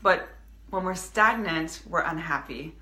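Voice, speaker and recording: A woman's voice: lowish voice, unhurried, pushed and bright, reverberant. A woman in her thirties, a business coach speaking earnestly to her viewers in a live video, with many restarts. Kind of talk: casual motivational live video.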